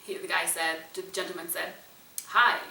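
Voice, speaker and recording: A woman entrepreneur and speaker telling a personal story to an audience in an animated, conversational way. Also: medium pitch, normal speed, distant mic. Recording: roomy echo, voice a bit away from the mic.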